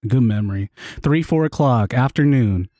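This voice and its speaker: Male podcast host, mid pitch, dry close sound, animated joking storyteller. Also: normal speed, dry recording. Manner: animated storyteller, laughs often, swears. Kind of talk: casual chat, storytelling.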